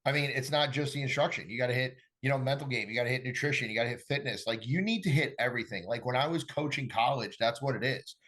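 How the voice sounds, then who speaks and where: A man's voice: medium pitch, fast, hardly any pauses. A middle-aged man, a golf coach, chatting casually on a podcast and acting out conversations as he tells stories. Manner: animated storyteller acting out dialogue.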